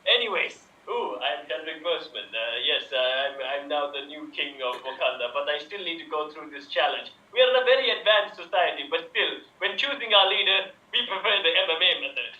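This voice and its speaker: A man's voice: a little high, lively intonation, a little fast, hardly any pauses, sharp tone. A man performing improv in a jokey, self-mocking put-on accent, rambling through a story. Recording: roomy, dull, distant mic.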